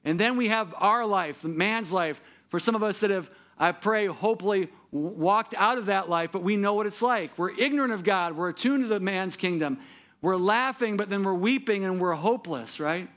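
A man with a fairly high voice preaches a sermon. He turns to the congregation with direct questions and sinks into a soft, low tone when he makes his solemn points. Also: moderate pace. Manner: rises in pitch for quoted lines, drops soft and low for solemn points; repeats words when he restarts, talks straight to the listener. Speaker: pastor.

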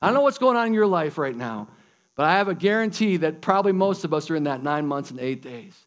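A man's voice: on the high side, animated, fast. A man pastor preaching a sermon in a casual, enthusiastic way. He calls his listeners guys and folks.

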